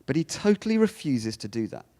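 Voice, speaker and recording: A man giving a theology lecture in a conversational, animated way, often repeating words and saying "you know". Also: medium pitch, brisk. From United Kingdom. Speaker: guest lecturer.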